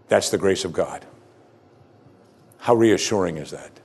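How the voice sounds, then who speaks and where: A man's voice: on the low side, sing-song, moderate pace, gravelly, long pauses, a little mellow, husky. A man preaching a sermon as pastor, earnest and emphatic, repeating key phrases and breaking into conversational asides between scripture readings.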